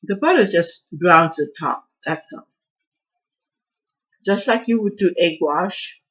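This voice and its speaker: A woman's voice: on the low side, takes it slowly, fairly bright tone, highs cut off. A woman hosting her own home cooking channel, chatting in a rambling, self-deprecating way as she walks through a recipe. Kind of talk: casual cooking vlog chat.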